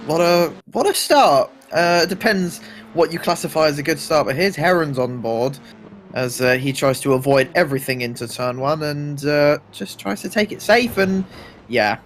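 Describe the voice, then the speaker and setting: Man, co-commentator, sim racing, casual, hesitant, filler-heavy, fairly high voice, faint car noise. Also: normal speed.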